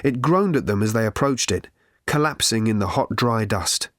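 Measured man narrating an audiobook, low and dry. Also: expressive, fairly bright tone, no room sound. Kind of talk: scripted narration.

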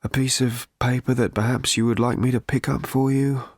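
A male narrator voicing an ancient, rusted, gloomy robot with a croaking, hollow rattle, speaking slowly and self-pityingly. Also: mid-range voice, flat delivery, dry recording, studio quality, lightly acted. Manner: slow, mournful, self-pitying.

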